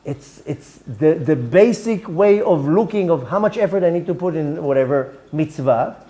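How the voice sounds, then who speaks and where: A man speaks, lecturing as a rabbi in an earnest, repetitive way. His voice sits high for a man. The tone is warm and mellow, not sharp. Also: lively intonation, moderate pace. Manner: earnest, repeats words, sprinkles Hebrew terms. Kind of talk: religious lecture.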